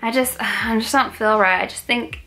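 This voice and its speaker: A woman's voice: fairly high pitch, normal speed, bright, forceful tone, soft background music. A woman voicing a fussy old woman over a hundred who keeps wheedling for her fiber drink.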